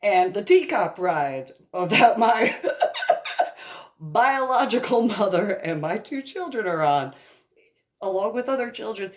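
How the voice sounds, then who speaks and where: Animated woman telling a story, slow and lively. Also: mid-range voice. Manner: animated, acts out the voices of others in the story; laughs often. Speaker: storyteller recounting a personal event. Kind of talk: casual personal storytelling.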